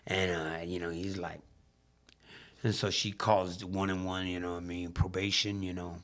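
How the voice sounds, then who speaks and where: A man telling his life story as a podcast guest in casual, animated storytelling, swearing freely and acting out the voices of the people in his story. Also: normal speed. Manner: drops low and quiet on emotional moments.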